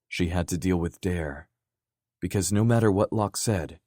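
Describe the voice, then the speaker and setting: A man reading romance narration in a calm, even way. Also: deep voice, no echo, clean studio sound. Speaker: audiobook narrator.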